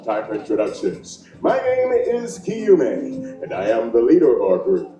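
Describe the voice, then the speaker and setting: Showy, lively man playing a group leader. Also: mid-range voice, a little slow. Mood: announcing. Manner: announcing, hamming up introductions. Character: proud playful male group leader. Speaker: show performer and group leader. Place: large theater with a live audience. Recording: roomy, distant stage recording with music.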